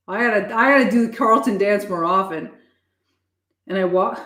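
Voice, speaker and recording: A woman's voice: mid-range voice, moderate pace, fairly bright tone, reverberant. Breathless woman chatting on a livestream. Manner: swearing, chatty, stumbling restarts. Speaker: livestream host. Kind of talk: casual livestream chat.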